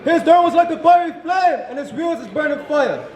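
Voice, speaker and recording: A man reading scripture aloud to a crowd in a loud, declaiming voice. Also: very high-pitched, animated, brisk, background noise. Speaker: scripture reader. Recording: echoey and roomy, crowd behind.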